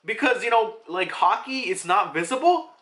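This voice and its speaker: A young adult manga reviewer giving excited, casual commentary. They swear freely and laugh often. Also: mid-range voice, moderate pace.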